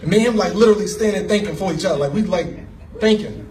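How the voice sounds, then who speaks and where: A man giving an animated, emotional personal story as a speaker at an event, laughing as he talks. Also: high voice, racing, far from the mic, a little hiss or hum. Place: event hall.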